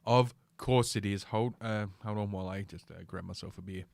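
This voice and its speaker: A man's voice: on the low side, steady tone, brisk, gravelly, slight background noise. A middle-aged man hosting a casual solo podcast, ranting in a profane, sardonic, rambling way from a home room. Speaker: podcast host.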